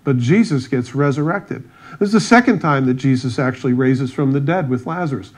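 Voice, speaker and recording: A man's voice: mid-range voice, fairly quick, darkish tone. A man pastor preaching a sermon, retelling scripture stories with wry asides and acted-out dialogue.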